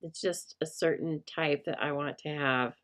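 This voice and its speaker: A woman's voice: deep voice, fairly even intonation, normal speed, fairly bright tone. A woman hosting a live rubber stamp crafting stream, chatting casually and rambling as she works, talking to viewers by name and poking fun at herself. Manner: self-deprecating.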